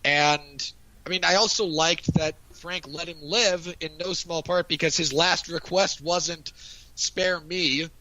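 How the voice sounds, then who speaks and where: A man's voice: on the high side, fairly even intonation, a little slow, sharp tone, no echo, rough recording. A man chatting casually on a podcast, animatedly recapping a TV episode and acting out lines of dialogue. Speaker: podcast co-host. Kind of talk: casual review chat.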